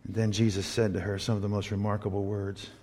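A man preaching a sermon, telling a story and moving between loud emphatic points and hushed quiet passages. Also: on the low side, level tone, fast. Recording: long reverb of a large hall.

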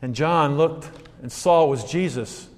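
A male preacher reads scripture and muses on it in a conversational, questioning way, pausing to correct himself. His voice sits a little high. It carries a long reverb from the church sanctuary. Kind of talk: sermon with scripture reading.

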